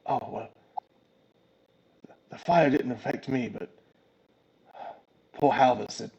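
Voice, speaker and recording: A man's voice: mid-range voice, slow pace, vocal fry, darkish tone, lo-fi sound, slight background noise. A man voicing a battle-hungry talking shield that boasts and pushes for a fight. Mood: eager.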